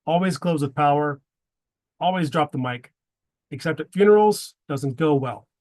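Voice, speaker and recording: A man's voice: a little high, animated, moderate pace, darkish tone. Man presenting with joking asides. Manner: wry, joking asides between tips. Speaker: presenter giving a talk to a men's group. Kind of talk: prepared presentation with dad jokes.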